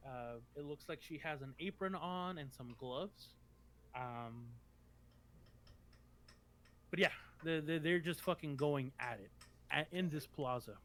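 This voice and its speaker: A man's voice: a little high, measured pace, long pauses, a bit bright, slight background noise. A man narrating as game master for a tabletop game, rambling with many ums and restarts.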